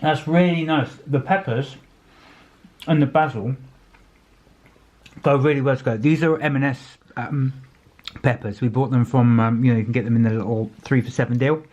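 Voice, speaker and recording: A man's voice: mid-range voice, moderate pace, pauses often, darkish tone, dull audio. A man casually describing his food while eating at home. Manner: easygoing, describing food as he eats. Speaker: vlog co-host. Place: home dining room.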